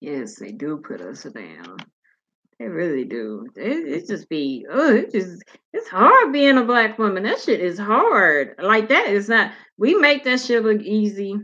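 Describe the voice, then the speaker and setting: A woman hosting her own channel, chatting casually and reading viewer comments out loud, loose and slangy with frequent swearing. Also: mid-range voice, sing-song, unhurried, muffled recording.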